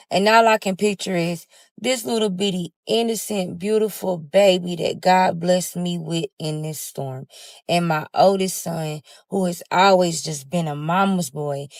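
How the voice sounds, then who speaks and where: Woman with a lowish voice telling a storytime, dramatic, talks right to the viewers, dry close sound. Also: a little mellow, no room sound. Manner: dramatic, talks straight to viewers, swears freely. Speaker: storyteller recounting her own life. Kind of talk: casual storytime monologue.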